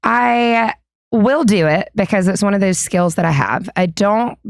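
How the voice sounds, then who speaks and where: A woman's voice: medium pitch, a little slow, creaky, dry recording, clean studio sound. A woman who is a podcast guest, talking casually in a candid, self-assured way and laughing easily. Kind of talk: casual conversation.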